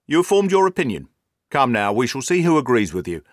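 A man's voice: medium pitch, big pitch swings, brisk, no room sound, clean studio sound, close to an everyday voice. A man reading the lines of a hearty, self-assured police inspector in a storybook. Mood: brisk.

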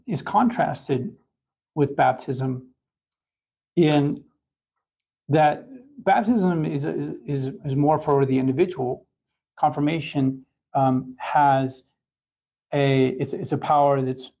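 A man giving a catechism lesson, talking in a halting way with many restarts and fillers. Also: medium pitch, vocal fry, a little mellow, husky, poor audio. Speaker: catechism teacher.

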